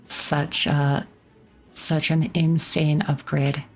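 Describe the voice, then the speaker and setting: A woman's voice: sits low, level tone, drawn-out words. A woman streamer giving casual game commentary in a chatty, rambling manner full of likes and restarts.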